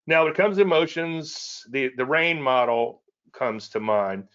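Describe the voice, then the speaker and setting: This man's voice is medium-pitched, expressive and fairly bright, and he takes his time. He's a trading educator running a live weekly show, presenting in a digressive, chatty style where he often repeats phrases, restarts sentences and laughs at his own side comments. The audio is lo-fi.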